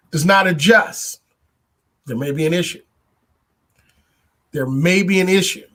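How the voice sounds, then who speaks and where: A man hosting a podcast, giving a political commentary monologue in a deliberate way, building points with repetition and rhetorical questions. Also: high voice, fairly bright tone. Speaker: podcast host.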